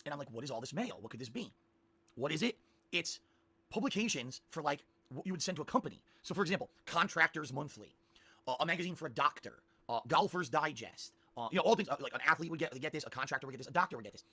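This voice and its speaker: Fast, bright-voiced male streamer rambling. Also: fairly high pitch, slightly rough. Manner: animated, restarts and repeats himself. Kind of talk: rambling storytelling to stream viewers.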